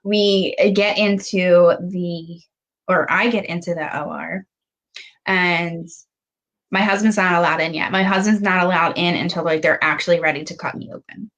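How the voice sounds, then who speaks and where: A young adult woman telling a long, emotional personal story in fast, chatty talk full of "like" fillers. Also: on the low side, steady tone, fairly bright tone, rough recording. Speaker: podcast guest.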